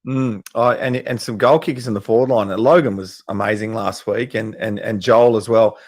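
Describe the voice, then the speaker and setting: A man's voice: lowish voice, moderate pace. A man hosting a podcast in a matey, chatty way. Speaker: podcast host. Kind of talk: casual chat.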